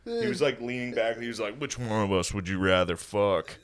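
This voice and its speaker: A man's voice: on the low side, fairly quick. A man hosting a podcast, telling a story in casual chat, acting out quotes and laughing often. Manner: animated, acts out quotes, laughs a lot. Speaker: podcast host.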